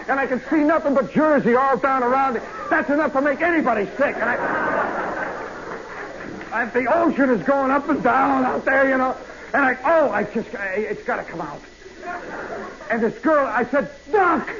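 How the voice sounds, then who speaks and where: A man telling a comic story in a live radio monologue, swinging from hushed asides to loud yelps. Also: extremely high pitch, normal speed. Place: nightclub stage. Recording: muffled vintage radio broadcast with hiss.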